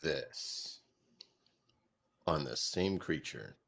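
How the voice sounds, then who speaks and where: Deep gravelly man playing a tabletop game. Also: animated, drawn-out words, noisy background. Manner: wry, thinks aloud about options. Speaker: player. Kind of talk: casual tabletop game play.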